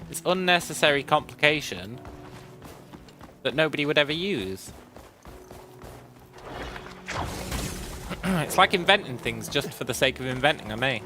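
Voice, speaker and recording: A man streaming a video game, chatting wryly with viewers and often clearing his throat. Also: fairly high pitch, animated, unhurried, long pauses, music in the background. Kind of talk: casual gameplay commentary.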